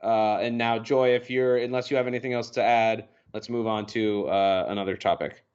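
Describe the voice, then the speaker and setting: A man's voice: on the low side, fairly even intonation, moderate pace, a little mellow, clean tone, lo-fi sound. A man co-hosting a podcast as its producer, talking in an easygoing way with joking asides. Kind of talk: casual podcast chat.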